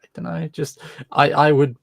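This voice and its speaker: Gravelly self-deprecating man. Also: on the high side, fairly even intonation, moderate pace, no echo. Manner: self-deprecating, rambling, chuckling. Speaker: livestream host. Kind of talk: casual group chat.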